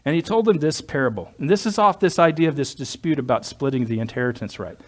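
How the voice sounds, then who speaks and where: A man's voice: on the high side, animated, quick pace. A male pastor preaching a sermon in a conversational, digressive way, with joking asides to his congregation.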